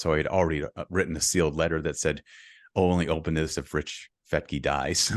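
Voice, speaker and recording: Deep-voiced man telling a personal story. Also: no room sound, clean studio sound. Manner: earnest and open, speeds up when reliving the story. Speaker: guest, real estate investor. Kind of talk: candid storytelling in a podcast interview.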